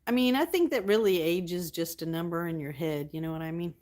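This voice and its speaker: A woman hosting her livestream, chatting casually with viewers, reading their comments aloud and thanking them warmly. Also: fairly low pitch, brisk. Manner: affectionate, thanks viewers often. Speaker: livestream host.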